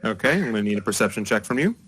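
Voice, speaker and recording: Relaxed male game master. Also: fairly low pitch, very fast, background noise. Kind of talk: narrating a tabletop game.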